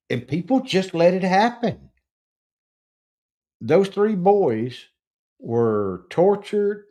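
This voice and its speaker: A middle-aged man with a drawl hosts a true-crime chat. His voice is dark and mellow, and he talks at an unhurried, deliberate pace. He stresses key words and often restarts his sentences as he builds up indignation. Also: mid-range voice. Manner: slow, emphatic, indignant storytelling with restarts. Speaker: podcast host. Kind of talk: casual true-crime discussion.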